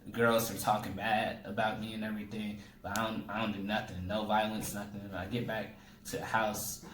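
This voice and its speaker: A young man spins a comic story in relaxed, casual talk, his voice lively and jumping up in pitch whenever he acts out someone else. He sounds like he is in an echoey room, with faint ambient noise behind him. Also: a little fast. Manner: animated, jumps pitch to act out people in his story. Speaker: comedian.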